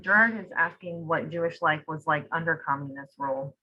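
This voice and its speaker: Low-pitched woman, dull audio. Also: fairly quick, slightly rough. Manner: relaying audience questions. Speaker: moderator reading chat questions.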